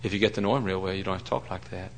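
A middle-aged man preaching a sermon, telling folksy stories and swinging between loud mock-pompous lines and hushed asides. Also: deep voice, fairly even intonation, rapid-fire, slight background noise, rough recording.

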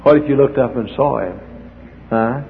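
An older man preaching a sermon as the pastor, swinging from hushed asides to near-shouts as he acts out the people in his stories. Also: medium pitch, normal speed, gravelly. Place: church hall. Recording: dull echoey hall with faint noise.

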